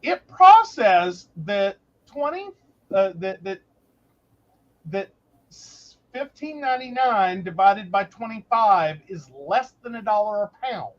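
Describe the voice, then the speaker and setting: A woman co-hosting a casual chat, telling stories in an animated way and acting out the people in them. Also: medium pitch, slow, lo-fi sound. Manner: animated, storytelling with lots of voices. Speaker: podcast co-host, psychic.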